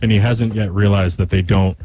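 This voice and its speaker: A man's voice: on the low side, fairly even intonation, a little fast, warm tone, rough recording. A man playing a tabletop game who narrates his character's moves casually and laughs as he talks. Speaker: player.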